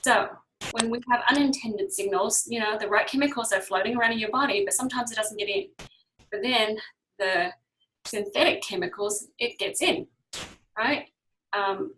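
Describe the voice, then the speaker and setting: A woman's voice: mid-range voice, a bit bright, slight background noise, rough recording. A woman teaching a casual online health class, explaining step by step and often checking in with her listeners.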